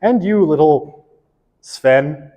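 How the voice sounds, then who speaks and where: A man voicing a condescending male school official who speaks to children in a slow, formal, patronizing way. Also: on the high side, expressive, mellow, long reverb tail.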